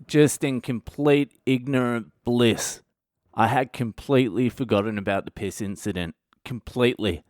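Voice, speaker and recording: A man, hosting his own podcast and telling a wild, sweary anecdote in a casual, animated way. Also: mid-range voice, moderate pace, dry recording, clean studio sound. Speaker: comedian podcast host. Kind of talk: casual storytelling monologue.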